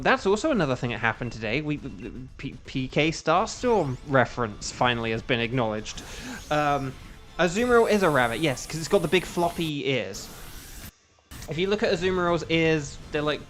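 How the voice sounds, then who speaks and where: A man's voice: fairly high pitch, lively intonation, normal speed, a bit bright, faint music behind. A young English man chatting casually with his stream chat while playing a game, rambling and humming to himself between moves. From England. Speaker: gaming streamer.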